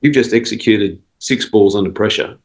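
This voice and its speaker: Australian male coach, lowish voice, relaxed anecdotes full of restarts, for a podcast interview. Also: moderate pace, low-quality recording. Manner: rambling, with restarts and quoted dialogue. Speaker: cricket head coach, podcast guest. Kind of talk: casual storytelling interview.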